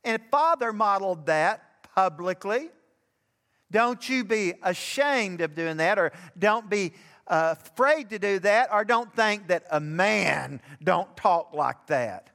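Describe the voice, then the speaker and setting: Preaching a sermon, an older Alabama pastor speaks slowly in a high, gravelly, a bit bright voice that is expressive and rises with fervent emphasis. His words echo with a long reverb, like sound filling a church sanctuary.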